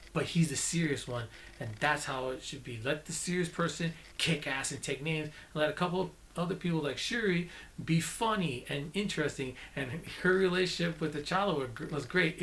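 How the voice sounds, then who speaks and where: A man's voice: mid-range voice, fairly bright tone. A man giving a casual, chatty spoken movie review, often correcting himself mid-sentence, with an accent of his own. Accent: non-native English, own accent. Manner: chatty, self-correcting, enthusiastic.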